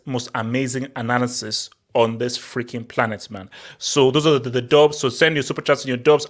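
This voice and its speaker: A man hosts a casual online football talk show in a brash, ranting way. He hammers his points home by repeating short lines. His voice sits at an everyday middle pitch. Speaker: show host.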